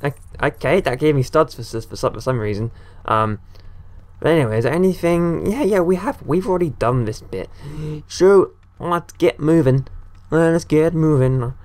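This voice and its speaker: A man narrating his own gameplay in a loose, rambling way, stopping to scold or cheer the characters. His pitch sits mid-range but swings widely, leaping high when something surprises him. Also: fairly quick. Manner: rambling, excitable, talks to the game characters. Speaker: gaming video creator. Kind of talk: casual let's-play commentary.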